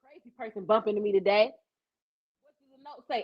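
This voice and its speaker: A woman's voice: mid-range voice, brisk, long pauses, a little mellow, slightly rough, poor audio. A woman hosting a casual live-stream commentary show, blunt and profane, acting out the quotes she tells.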